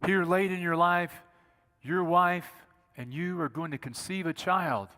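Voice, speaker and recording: A preacher voicing a joyful announcing angel. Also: male voice, sits high, steady tone, unhurried, pushed and bright. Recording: reverberant church sanctuary.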